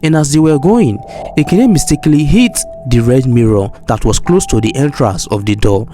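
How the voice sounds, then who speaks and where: A man narrating a folktale in a steady, plain storytelling manner with expressive rises. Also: medium pitch, moderate pace, soft background music.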